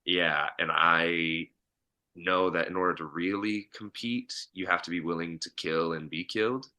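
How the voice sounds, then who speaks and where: A young adult man, a podcast guest, chatting casually in an animated way and laughing often. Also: low-pitched, measured pace. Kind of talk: casual chat.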